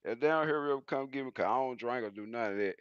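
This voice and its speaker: A man who drives heavy-haul trucks, chatting casually on a livestream as an animated storyteller who laughs often. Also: medium pitch, fast, clear, resonant tone, highs cut off.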